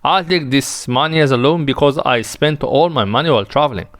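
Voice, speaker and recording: A man's voice: mid-range voice, a little fast, a bit bright, close to an everyday voice. A man reading the part of a boastful young male impostor official in a dramatic reading of a play, in a smug, offhand way.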